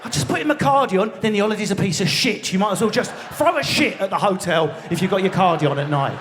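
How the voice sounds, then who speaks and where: Essex stand-up, bright high voice, fast sweary rants with shouted bursts, live theatre mic. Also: male voice, animated, slight background noise. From England. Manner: rapid, swearing, mock-outraged rants with frequent shouting. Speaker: stand-up comedian. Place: large theatre stage. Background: audience laughter.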